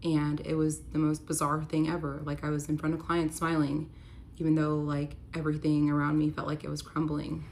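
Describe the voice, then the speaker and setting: A woman's voice: deep voice, completely flat delivery, a little fast, vocal fry, a little mellow, slight background noise. A young woman in a candid storytime vlog, retelling a painful betrayal with lots of filler words and an emotional, near-tearful delivery. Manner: candid, many "like" fillers, rises to pleading when reliving the argument. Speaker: vlogger telling a personal story.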